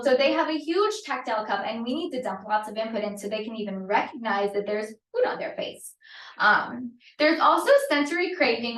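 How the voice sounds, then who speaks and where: A woman's voice: fairly high pitch, fairly bright tone. A woman occupational therapist giving an informal teaching talk to parents, conversational, with frequent fillers and "right?" check-ins. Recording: roomy, from a distance.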